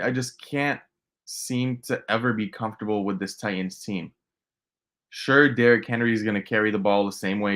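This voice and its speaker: A man co-hosting a casual sports betting show, giving measured, thoughtful analysis and hedging his picks. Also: on the low side, sharp tone. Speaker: co-host.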